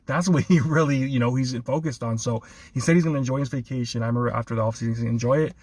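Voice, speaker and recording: A man's voice: medium pitch, racing, darkish tone, no room sound. Laughing, easygoing man talking sports. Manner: laughs often, enthusiastic, repeats 'man'. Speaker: sports podcast host. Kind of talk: casual sports chat.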